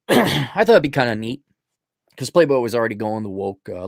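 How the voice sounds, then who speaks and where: A middle-aged man hosting a livestream, reading viewer donations and ranting bluntly with profanity, frequent throat-clearing, and a voice that is giving out. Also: mid-range voice, sing-song, moderate pace, no room sound, studio quality. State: losing his voice. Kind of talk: blunt opinionated livestream rant.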